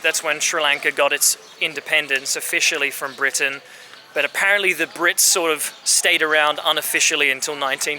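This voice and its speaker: Chatty guy vlogging outside at a car yard, kinda high voice, traffic noise all around. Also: pushed and bright. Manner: upbeat, chatty, speaks slowly and simply to locals. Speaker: travel vlogger. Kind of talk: casual travel vlog chat. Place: outdoors at a street-side car yard. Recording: outdoor street noise and passing traffic.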